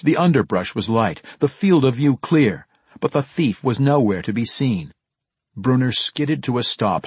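A man narrating a fantasy audiobook in a measured, expressive storytelling manner. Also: mid-range voice, breathy edge, no room sound.

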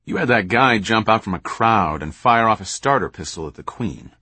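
A man voicing a gruff, profane American intelligence officer in an audiobook. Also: on the low side, lively intonation, normal speed, sharp tone, dry recording, heavily acted. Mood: blunt.

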